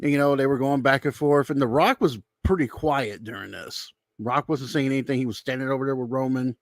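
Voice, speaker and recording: A man's voice: mid-range voice, fairly quick, dry recording. Casual man rambling through a dry recap. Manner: loose, rambling retelling, acts out quotes. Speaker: YouTube commentator. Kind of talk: casual wrestling recap and opinion.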